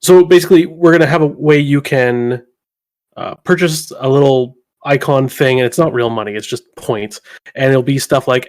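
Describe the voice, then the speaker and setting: A man's voice: mid-range voice, normal speed, a little mellow. A man co-hosting a podcast, telling things in a rambling, laughing way with many fillers. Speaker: podcast co-host. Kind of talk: casual chat.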